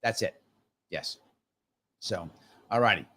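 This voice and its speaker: A man's voice: fairly low pitch, slow pace, pushed and bright, slightly rough. A man hosting a live stream, chatting casually and reading viewer comments aloud, upbeat and repetitive. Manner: chatty, upbeat, repeats himself. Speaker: host.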